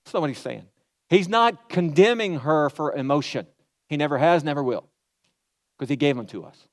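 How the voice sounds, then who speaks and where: A man's voice: fairly high pitch, expressive, moderate pace. A man preaching a sermon in a conversational way, asking the crowd questions and acting out quotes. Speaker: pastor.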